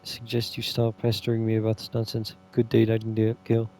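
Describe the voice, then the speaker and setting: A man's voice: fairly low pitch, completely flat delivery, fairly quick, darkish tone, a little hiss or hum, close to an everyday voice. A man reading aloud the lines of a curt, hostile man who brushes off a neighbour in a game. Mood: dismissive.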